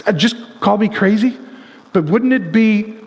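Male pastor, high voice, animated and joking sermon, long hall reverb. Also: measured pace, muffled recording. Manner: animated, acts out voices of the people with humor.

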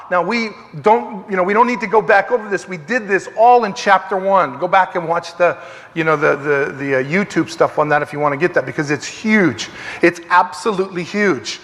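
A man with a notably high voice leads a casual Bible study, driving points home by repeating them and wandering off on tangents. His voice rings with the long reverb of a large hall. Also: a bit bright. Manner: emphatic, digressive, repeats phrases for stress. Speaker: Bible teacher.

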